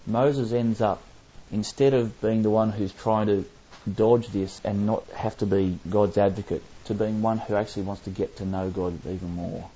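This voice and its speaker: A man's voice: fairly low pitch, dark tone, husky. A man teaching a Bible study, explaining passages and asking his listeners rhetorical questions. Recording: dull lo-fi recording.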